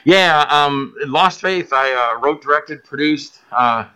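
A man guest on a podcast telling stories about his filmmaking, animated and acting out other people's voices. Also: on the high side, slow pace, clear, resonant tone. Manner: animated, acts out quoted voices, laughs often. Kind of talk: casual storytelling interview.

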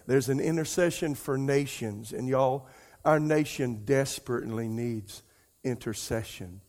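Male pastor, emotional preacher, conversational, swings from hushed to pleading highs. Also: unhurried. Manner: emotional storytelling, rising to near-crying pleas; conversational, repeats words, addresses congregation as y'all. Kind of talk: sermon.

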